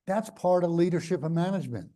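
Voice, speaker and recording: Guesting in a conversational interview on stage, an older New Yorker jumps bluntly from story to story, cracking jokes as he goes. His fairly high voice still sounds mellow and dark, and he's animated and quick with his words.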